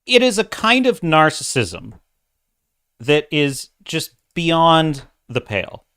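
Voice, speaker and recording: A man's voice: fairly high pitch, wildly swooping pitch, slow, fairly bright tone, smooth. A middle-aged man hosting a livestream, giving opinionated, ranting commentary and reading viewer chat aloud. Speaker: livestream host.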